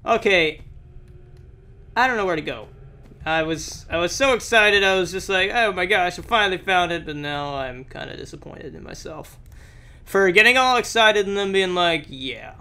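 Excitable young man, lively high voice. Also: normal speed, smooth. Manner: excitable, exclamatory, talks to the game. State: slightly sick, sore throat. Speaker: gameplay commentator. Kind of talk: let's play commentary.

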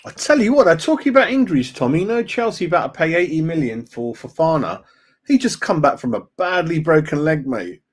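A man's voice: fairly high pitch, big pitch swings, brisk. A man hosting a live fan stream, chatting casually and reading out viewers' comments as he goes. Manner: chatty and matey, reads chat aloud, calls viewers mate. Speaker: fan channel host. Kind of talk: live-stream chat about football.

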